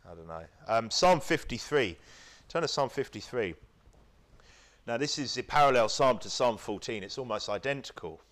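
A British man preaching a sermon, with lively delivery, stammered restarts and mocking impressions. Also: mid-range voice, moderate pace. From United Kingdom.

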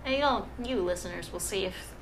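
A woman's voice: mid-range voice, fairly quick, crowd noise. A woman co-hosting a podcast, chatting casually, laughing often and trailing off mid-sentence. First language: Vietnamese heritage, speaks English. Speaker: podcast co-host. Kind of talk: casual chat.

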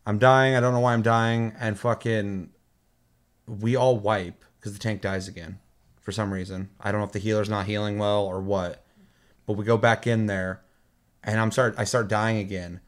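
A man's voice: fairly low pitch, steady tone, moderate pace. A man hosting a casual gaming chat, telling rambling stories full of swearing. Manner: profane, rambling storytelling.

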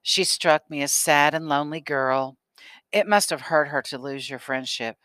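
A man voicing a kind, worried mother in an audiobook, speaking in a gentle, pleading manner. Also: fairly high pitch, normal speed, dry recording.

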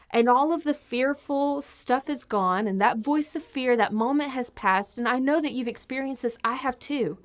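A woman preaching a sermon with passion, her voice surging to emphatic peaks and then dropping to hushed asides. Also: on the high side.

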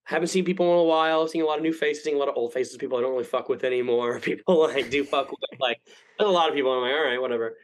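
A young man with a mid-range voice talks very fast as a podcast guest, spinning a long, rambling story in a casual way. He swears often and animatedly acts out what people said. The recording quality is low.

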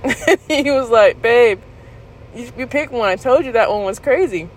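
A woman's voice: moderate pace, poor audio. Woman telling a wild story, squealing quotes. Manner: animated retelling, jumps to high squeals when quoting herself; talks straight to viewers, candid and laughing. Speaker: vlogger. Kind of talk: casual storytime vlog.

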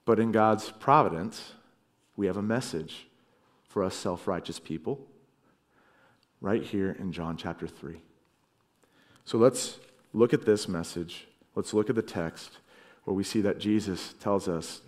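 A man preaching a sermon as pastor, earnest, rising to loud emphasis and dropping to quiet low lines. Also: unhurried, long pauses.

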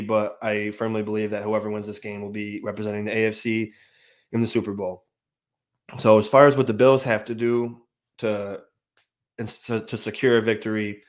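Man, fan show host, grieving, low pitch, very flat delivery, halting. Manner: subdued, halting, many restarts and sighs. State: grieving, emotional. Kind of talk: casual sports podcast talk.

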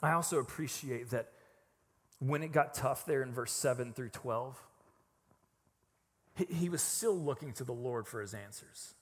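A man preaching a sermon in a casual, emphatic way, swinging from hushed reflection to loud, raised passages. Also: medium pitch, measured pace, pauses often, slightly rough, big-room sound. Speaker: pastor.

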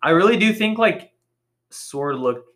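A young man with a bright, forceful voice, talking a little higher than most men. He co-hosts a podcast in loose, profane chat, laughing often and leaning on filler words. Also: lively intonation, a little slow. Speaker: podcast co-host. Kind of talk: casual chat.

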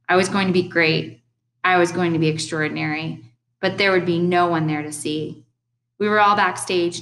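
A young adult woman reading a first-person audiobook in a steady, earnest storytelling manner. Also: on the low side, slight background noise, low-quality recording. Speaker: audiobook narrator.

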